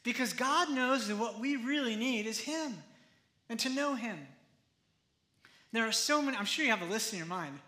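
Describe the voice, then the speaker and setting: A man pastor preaching a sermon in a conversational, animated way, often acting out the quotes. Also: extremely high pitch, moderate pace, roomy sound.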